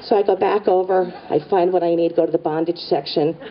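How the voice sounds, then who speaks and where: A woman's voice: on the low side, steady tone, brisk, some chatter behind. Wry middle-aged woman telling a comic story. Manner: wry, conspiratorial, lots of asides. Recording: distant, dull live stage recording with audience and noise. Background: audience laughter.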